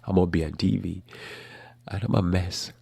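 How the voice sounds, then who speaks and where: A man hosting a casual religious talk show about current events, rambling with restarts in a flat, matter-of-fact way. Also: deep voice, moderate pace, vocal fry, slightly rough, dry recording. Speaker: host.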